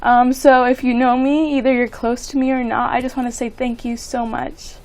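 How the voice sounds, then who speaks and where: Teen girl, high and fry-tinged, emotional and giggly. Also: flat delivery, normal speed, a little mellow. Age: late teens. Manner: emotional, giggly, close to tears. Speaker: graduating student. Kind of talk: interview answers.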